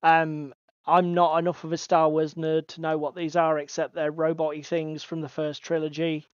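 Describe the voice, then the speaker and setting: A man's voice: a little high, monotone, moderate pace, smooth, no room sound. A man hosting a casual hobby podcast, chatty and given to swearing. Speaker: podcast co-host. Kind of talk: casual chat. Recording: slightly dull lo-fi audio.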